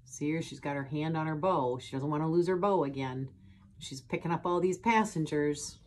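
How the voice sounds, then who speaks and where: A woman reading a picture book aloud to children, pausing to point at pictures and ask them questions in a gentle way. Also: low-pitched. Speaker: storytime reader. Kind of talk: children's storytime read-aloud.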